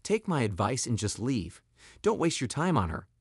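A man voicing a gruff male shop guard who mutters dismissively in a spoken story. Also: medium pitch, sing-song, normal speed, no echo, studio quality. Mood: annoyed.

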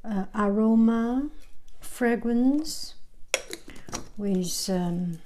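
A woman vlogger chatting casually over a cup of tea, halting and restarting, often drifting into soft whispers. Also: on the high side, background noise. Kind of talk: casual tea-time show-and-tell.

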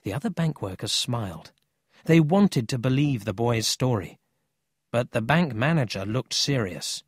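A man reads a children's story aloud at an unhurried pace with lively swings in pitch. His voice is slightly husky and sits close to the mic in a dry, dead room. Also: dry recording. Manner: slow, expressive, lively pitch. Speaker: audiobook narrator. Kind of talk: scripted storybook narration.

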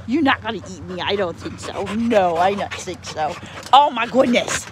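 A woman's voice: medium pitch, animated, moderate pace, few pauses, slight background noise. A woman at an animal rescue, talking to her animals in a cooing, sing-song baby-talk voice for a casual vlog.

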